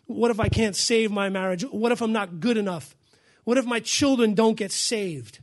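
A man preaching a sermon as pastor, fiery and emphatic, shouting and repeating his phrases in a church. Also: high-pitched.

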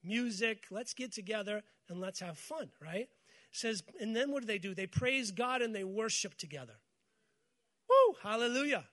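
High-voiced pastor preaching with humor. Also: male voice, expressive, normal speed, bright, forceful tone. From United States. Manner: call-and-response with congregation, storytelling with humor. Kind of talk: sermon.

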